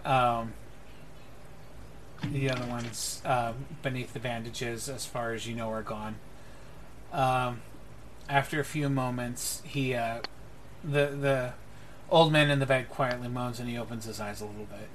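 A man's voice: medium pitch, unhurried, pauses often. Game master guy narrating, lots of uhs, light hiss behind. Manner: relaxed, filler-heavy narration.

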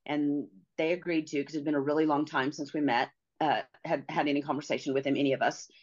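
A middle-aged woman telling a personal story as an interview guest, halting and pausing, often restarting her sentences. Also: deep voice, fairly even intonation. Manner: halting, with many pauses and restarts. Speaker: podcast guest. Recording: slightly dull lo-fi audio.

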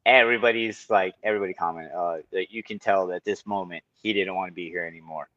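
A man with a lowish voice telling fight stories in a loose, animated way, swearing freely. The sound is dry and a bit dull, like a lo-fi recording with no room around it. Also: fast talker, no echo. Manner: animated storytelling, swears often. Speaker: guest, kickboxer and Muay Thai instructor. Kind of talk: casual podcast chat.

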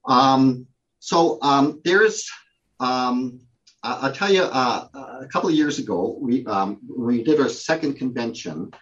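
A man's voice: medium pitch, animated, unhurried, a bit bright, highs cut off. A man, a guest who owns a prop company, telling a story in casual conversation, with many fillers and restarts.

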